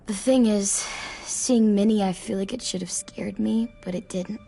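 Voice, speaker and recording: A woman's voice: mid-range voice, fairly even intonation, moderate pace, creaky, mellow, breathy edge. A young woman voicing a guarded, blunt teenage girl survivor in a video game, hesitant yet resolved, over game music. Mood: troubled. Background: game score music.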